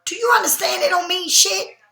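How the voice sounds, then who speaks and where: Woman tarot reader, casual reading, high bright voice, blunt and profane, a bit sleepy, echoey room. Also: fairly quick. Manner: blunt, emphatic, swears freely. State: sleepy, yawning.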